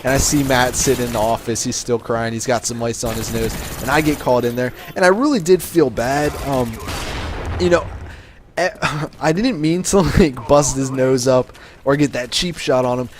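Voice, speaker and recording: A man's voice: medium pitch, moderate pace, noisy background. A young man telling a casual, profane story to camera, with a swaggering manner and plenty of fillers and restarts. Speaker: vlogger telling a life story.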